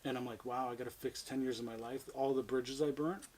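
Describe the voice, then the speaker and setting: A man's voice: mid-range voice, fairly even intonation, brisk, a little mellow, a little hiss or hum, rough recording. Candid, cursing man telling his story. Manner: candid, swears freely, says "right?" often. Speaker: podcast guest. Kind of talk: casual storytelling interview.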